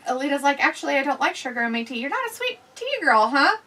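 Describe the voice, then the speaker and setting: High bright lady host, chatty, mic kinda far away. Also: animated, rapid-fire, creaky, few pauses. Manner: chatty, laughs often, reads comments aloud. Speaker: livestream host reading chat. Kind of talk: casual watch-along chat.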